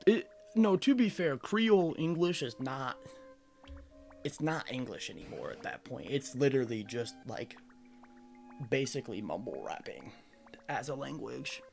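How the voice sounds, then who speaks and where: A male streamer who jokes and rambles with his live chat. His voice has a gravelly rasp, and his pitch swings widely as he gets worked up. Soft game music plays underneath. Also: normal speed. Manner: animated, rambling, jokey banter with chat.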